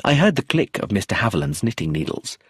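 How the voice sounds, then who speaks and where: A man's voice: lowish voice, very animated, fast, husky, dry recording, studio quality. A man narrating a mystery novel aloud, changing his voice for each character. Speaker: audiobook narrator. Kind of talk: storybook reading.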